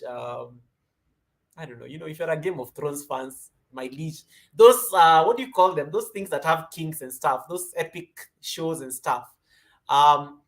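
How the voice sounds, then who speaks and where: Hosting an easygoing yoga stream, this Kenyan woman speaks with a Kenyan accent and chats about what viewers are posting. Her talk wanders, she welcomes people by name, and she often gets suddenly louder and higher-pitched.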